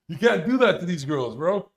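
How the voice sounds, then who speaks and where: A man's voice: high voice, husky. A young man ranting casually on a live stream, crude and boastful, laughing often as he talks. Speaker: livestreamer.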